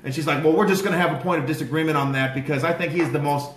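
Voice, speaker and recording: A man excitedly recounting his day to a small group, rambling and growing heated as he goes. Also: a little high, very fast. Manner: excited, rambling, grows louder and more heated. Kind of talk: casual storytelling to a small group. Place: outdoors in a city, among supporters. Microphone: handheld phone held by a bystander. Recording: echoey with background noise.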